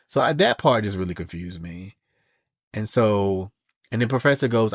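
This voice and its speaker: A man co-hosting a podcast, casually recapping a comic book story in a sassy, animated way. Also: lowish voice, moderate pace, dry recording, studio quality. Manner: animated and sassy, reads quotes in voices. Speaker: podcast co-host.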